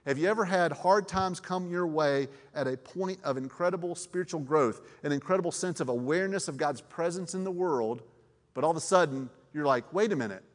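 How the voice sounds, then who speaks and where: A man's voice: a little high, a little fast. Man preaching in a reverberant hall. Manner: conversational, many fillers and restarts, asks the audience questions. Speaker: pastor. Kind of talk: sermon. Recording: long reverb of a large hall.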